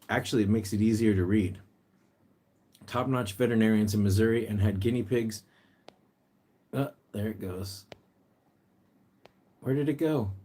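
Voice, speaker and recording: A pet rescue livestream host chats casually and reads viewer comments aloud, now and then breaking into a high sing-song voice to coax his pet bird. His manner is a little mellow.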